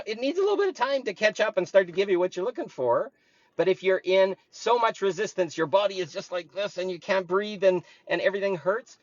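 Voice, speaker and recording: A man's voice: high-pitched, no room sound. A man speaking earnestly and with emphasis, coaching listeners in a reflective spiritual monologue. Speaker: spiritual talk host. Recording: dull, lo-fi dry recording.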